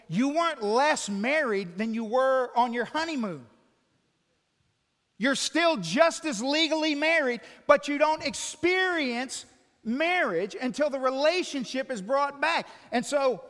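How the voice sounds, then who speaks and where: A man's voice: very high-pitched, a bit bright, big-room sound. A man preaching a sermon, earnestly explaining with illustrations and putting direct questions to his listeners.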